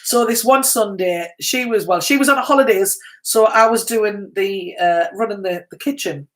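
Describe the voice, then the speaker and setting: A middle-aged woman co-hosting a casual live stream. She tells a long story in a chatty, easygoing way and keeps breaking into laughter. Her voice sits at an ordinary pitch for a woman. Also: normal speed. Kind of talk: casual chat.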